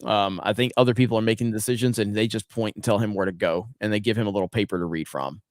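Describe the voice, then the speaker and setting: A man hosting a live stream, reading viewer comments aloud in a relaxed, casual chat full of ums and uhs. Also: fairly low pitch, quick pace, dry recording, clean studio sound. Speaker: host.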